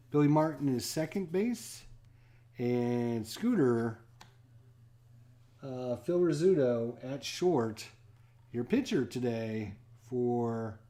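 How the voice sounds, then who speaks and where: Slow, mellow-voiced man calling tabletop baseball. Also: on the high side. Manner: slow, relaxed play-by-play with frequent fillers and pauses. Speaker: host playing a tabletop baseball game. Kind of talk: casual solo game commentary.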